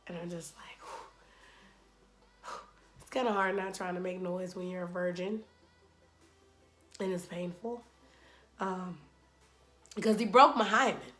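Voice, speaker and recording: A woman's voice: on the low side, fairly even intonation, slow pace, pauses often, fairly bright tone, faint music behind. A woman vlogger telling a candid personal story in a chatty way, full of fillers and dramatized moments.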